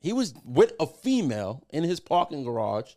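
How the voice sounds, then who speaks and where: Male guest spinning a profane story, lively pitch swings, mid-range voice. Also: moderate pace. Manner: animated, profane storyteller who acts out quotes. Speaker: podcast guest. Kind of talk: casual storytelling.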